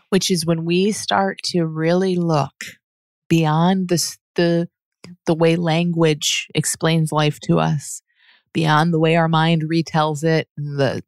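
Gravelly, patient teacher voice, dry sound. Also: mid-range voice, no room sound. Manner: earnest, patient, reasons aloud and often restarts sentences; laughs softly mid-sentence. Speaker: teacher answering a listener's question. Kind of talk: reflective spoken teaching monologue.

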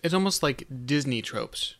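A man co-hosting a casual podcast chat, explaining game-master tips in a measured way. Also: mid-range voice, expressive, vocal fry.

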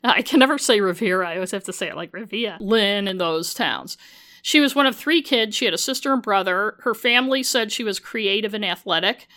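A woman's voice: medium pitch, animated, brisk, pushed and bright. A woman and former journalist hosting a true-crime podcast, narrating casually with sarcastic asides and frequent swearing. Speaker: podcast host.

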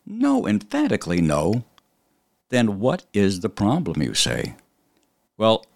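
Male podcast commentator, deep and animated, emphatic opinion monologue. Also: no echo. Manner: emphatic, with sudden high-pitched jumps. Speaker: podcast host.

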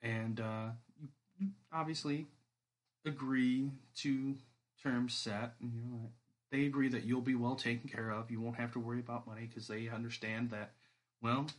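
Relaxed male game master, medium-pitched, rambling through scenes with lots of "uh" and "like". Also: normal speed. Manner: relaxed, rambling, with many fillers. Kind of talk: narrating a tabletop game.

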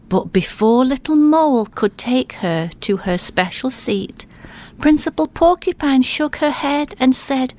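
A woman reading a children's picture book aloud, expressive and gentle. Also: fairly high pitch, takes it slowly. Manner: expressive, with gasps. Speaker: storyteller.

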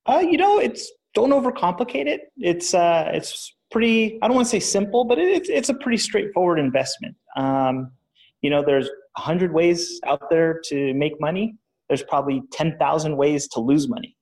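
A man's voice: fairly high pitch, animated, moderate pace, darkish tone, poor audio. A man who is a guest on a podcast and talks about property investing, in a rambling, casual way full of restarts and "uh"s. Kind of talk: casual interview answers.

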